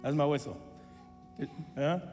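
A man in his thirties, a pastor, preaching a sermon and telling a personal story with animated self-deprecating humor. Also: fairly high pitch, unhurried, in a large hall, music in the background.

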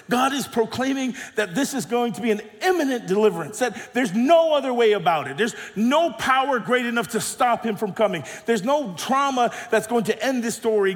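A middle-aged male pastor preaching a sermon with emphatic, dynamic delivery that swings between soft drops and loud rises. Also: sits high, lively intonation, a little fast, few pauses. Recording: long hall reverb.

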